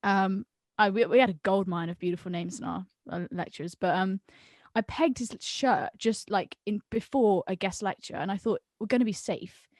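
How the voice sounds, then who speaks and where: A woman's voice: mid-range voice, normal speed, a little mellow. A young woman tells rambling, giggly anecdotes on a video call. Her voice sits in the middle range. The sound is dry, with no room echo. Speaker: guest. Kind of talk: casual chat.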